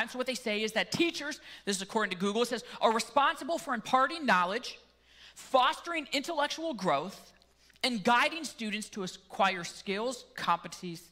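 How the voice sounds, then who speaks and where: Man, Canadian accent, pastor, sermon, casual, joking, bright tense tone. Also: sits high.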